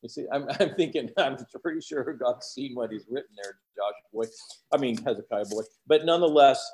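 A man preaching a sermon, chatty in his asides and booming as he quotes scripture. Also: a little mellow.

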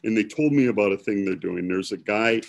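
A man's voice: fairly low pitch, fairly quick, creaky, noisy background. A man from Milwaukee, preaching in a casual, rambling storytelling way with self-deprecating humor.

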